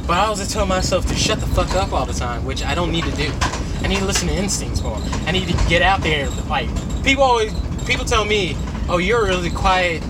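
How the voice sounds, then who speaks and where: A man's voice: sits high, noisy background. A young man with a nasal voice, ranting in a rambling, profane, casual way. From United States. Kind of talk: casual rant.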